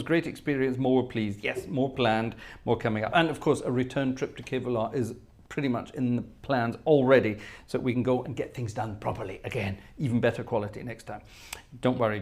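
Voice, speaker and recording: A man hosting a live stream, casually greeting viewers one by one by name and humming while he scans the chat. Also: medium pitch. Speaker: host of a live-streamed organ music show.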